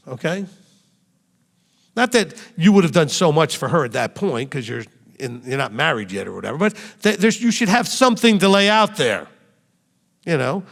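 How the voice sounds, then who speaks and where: A man's voice: fairly high pitch, big pitch swings, normal speed, gravelly, a bit bright. A male rabbi preaching a sermon, speaking animatedly and putting direct rhetorical questions to his congregation. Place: meeting room with a congregation. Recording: long reverb in a hall.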